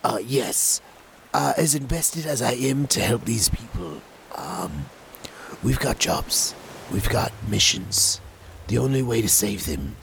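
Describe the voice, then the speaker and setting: A man playing in a tabletop game, speaking earnestly and dropping low. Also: animated, slow pace, vocal fry, fairly bright tone, a little hiss or hum, poor audio. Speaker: player. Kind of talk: casual tabletop banter.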